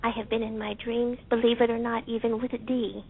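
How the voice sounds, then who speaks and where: A woman calling in to a talk show by phone, speaking in a heartfelt, halting and soft-spoken way. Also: a little high, flat delivery, vocal fry, husky. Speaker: caller. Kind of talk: emotional call-in testimony. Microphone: telephone. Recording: tinny phone line.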